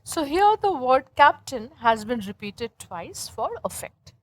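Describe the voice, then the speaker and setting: A woman's voice: sits high, big pitch swings, a little slow, no room sound, poor audio. A woman teaching English grammar as a lecture, explaining step by step and often checking in with her students. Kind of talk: classroom lecture.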